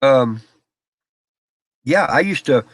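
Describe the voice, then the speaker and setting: A man's voice: mid-range voice, lively intonation, slow, no room sound. A middle-aged man hosting a casual live stream from a small office, chatting with viewers and telling stories, often laughing. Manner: folksy storyteller, laughs often.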